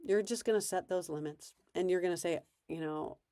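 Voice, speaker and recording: A woman's voice: lowish voice, fairly quick, mellow, dry recording, clean studio sound. A woman parenting coach giving casual advice in a conversational way, acting out bits of parent and child dialogue.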